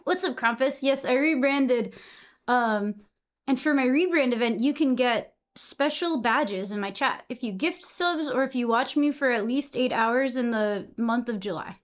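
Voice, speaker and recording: Young woman streamer with a high voice, from Massachusetts; loose, chatty, swears freely while answering her chat. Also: a little slow. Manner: chatty, swears casually, reacts to chat messages.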